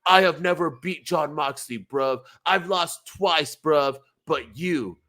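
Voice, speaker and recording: A man doing a mocking impression of a tired British male wrestler who talks slowly and whines, tacking "bruv" onto every phrase. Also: on the high side, bright, forceful tone. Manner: slow, repetitive, whiny, adds "bruv" to every phrase.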